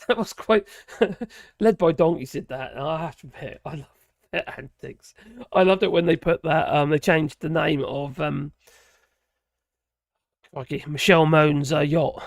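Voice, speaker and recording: Hoarse man, fairly high voice, gravelly, dry close sound, rambling live-stream chat. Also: measured pace, no echo. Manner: rambling, chuckling, trailing off mid-sentence. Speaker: livestream host reading viewer chat.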